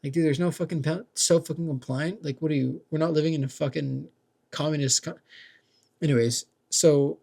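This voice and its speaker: Gravelly young man ranting. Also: a little high, steady tone, a little fast, dark tone. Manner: rambling, profane, heavy use of "like" and "dude". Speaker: vlogger. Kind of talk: casual rant.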